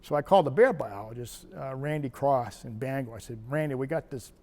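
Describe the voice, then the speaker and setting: Older man, wildlife biologist, rambling storyteller, middle-pitched voice, long reverb. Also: brisk, dark tone. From Maine. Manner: rambling anecdotal telling with restarts and quoted dialogue. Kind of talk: oral history storytelling.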